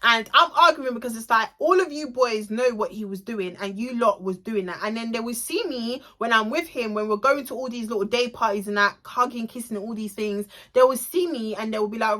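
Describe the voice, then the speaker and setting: Bright-voiced young woman. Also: a little high, a little fast, few pauses. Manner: animated, emotional, swearing. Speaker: vlogger. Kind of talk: storytime vlog.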